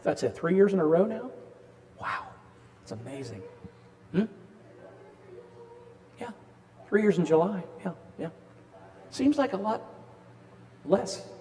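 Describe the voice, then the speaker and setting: A man's voice: medium pitch, dark tone, in a large hall. An older man in his sixties giving a casual, folksy talk on addiction at a parish, joking with the audience. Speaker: presenter of a parish addiction class. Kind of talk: casual lecture with storytelling. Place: parish hall.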